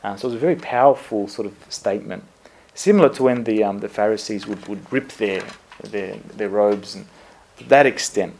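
A priest giving a conversational sermon, telling stories in a relaxed way with lots of fillers and self-corrections, often laughing at himself. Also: male voice, on the low side, normal speed, creaky.

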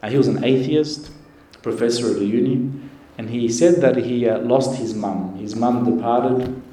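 A man, a priest, giving an earnest, gentle sermon with pauses. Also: mid-range voice. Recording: echoey church with faint noise.

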